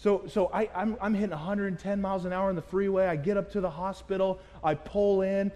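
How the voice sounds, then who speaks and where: High-voiced male pastor in a reverberant hall. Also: a little fast. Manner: animated storytelling, acts out voices. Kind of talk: sermon with personal story. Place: church.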